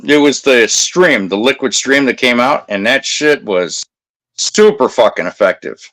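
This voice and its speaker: A man in his fifties with a bright, forceful voice, telling a story bluntly and with plenty of swearing. He talks in a combative, no-nonsense way, like a security guard recounting a confrontation. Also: mid-range voice, lively intonation, unhurried. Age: 50s. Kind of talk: casual storytelling on a talk show.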